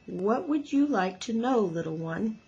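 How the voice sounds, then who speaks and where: A woman's voice: medium pitch, expressive, unhurried, a little mellow, breathy edge, lo-fi sound, heavily acted. Woman reading as a kindly lead goose. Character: friendly adult female goose, flock leader.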